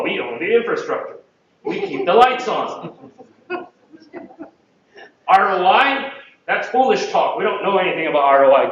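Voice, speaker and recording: A man's voice: high voice, a little hiss or hum. A man from the Philippines giving a playful conference talk to an audience, often checking that they follow him. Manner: playful, audience-engaging, acts out quotes. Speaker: conference presenter. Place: large conference room. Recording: echoey room, distant and dull mic.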